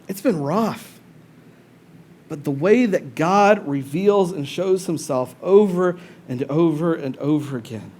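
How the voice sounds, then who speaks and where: A pastor preaching a conversational sermon to a congregation, swinging between loud bursts and hushed asides. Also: male voice, a little high. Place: church service before a congregation.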